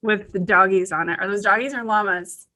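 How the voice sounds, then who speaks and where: A woman's voice: mid-range voice, fairly quick, sharp tone. A woman hosting a podcast, chatty and upbeat, with many fillers between her questions. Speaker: podcast host, CPA.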